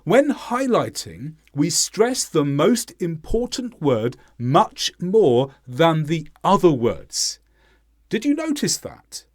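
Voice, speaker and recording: Guy teaching english pronunciation, slow and careful, lots of up and down in his voice, leans hard on key words, dry sound. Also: fairly high pitch, huge pitch swings, a little mellow, dry recording. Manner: slow, deliberate, exaggerated stress on key words. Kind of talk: scripted lesson.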